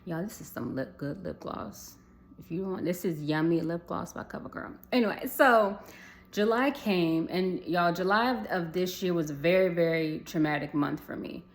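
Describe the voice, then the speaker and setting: A woman's voice: lowish voice, normal speed. A young adult woman telling a personal story to viewers in a casual storytime vlog, chatty, calling them y'all and swearing freely.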